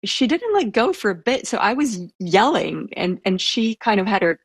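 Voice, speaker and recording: A soft-spoken woman telling a personal story in a casual interview, hesitant and full of fillers. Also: medium pitch, very animated, moderate pace, slightly rough, no room sound. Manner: self-described introvert.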